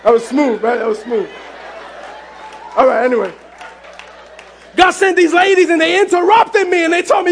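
A male pastor preaches with fervor, his voice pitched very high as he often shouts. He tells his story with animated exclamations. A faint congregation sits in the background. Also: normal speed, long pauses, some chatter behind. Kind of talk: sermon. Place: church sanctuary.

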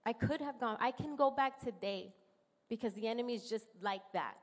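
A woman's voice: a little high, fairly quick. Ny woman in her 30s telling her testimony, emotional and earnest, big echoey church hall. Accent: New York. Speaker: church member giving testimony. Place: church sanctuary. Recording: long hall reverb in church.

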